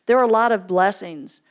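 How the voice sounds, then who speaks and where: A middle-aged woman giving a storytelling sermon in church, jumping into lively character voices for quoted people. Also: smooth. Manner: animated storyteller, acts out quoted voices with big pitch jumps. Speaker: guest speaker at church. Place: church sanctuary.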